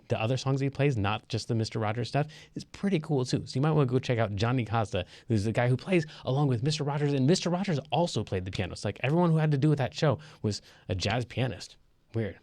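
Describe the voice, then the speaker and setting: A man's voice: medium pitch, a little mellow, no room sound. A man teaching an online piano lesson in a loose, chatty way, with fillers. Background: piano playing.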